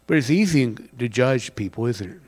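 A man preaching a sermon, rising to loud emphatic passages and dropping to a near whisper. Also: medium pitch, animated, moderate pace, breathy edge. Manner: reads scripture with plain conversational paraphrase. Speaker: pastor.

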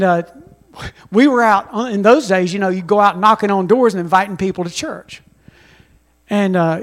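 A man preaching a sermon as pastor, telling stories with emphasis and calling on the congregation to respond. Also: sits high.

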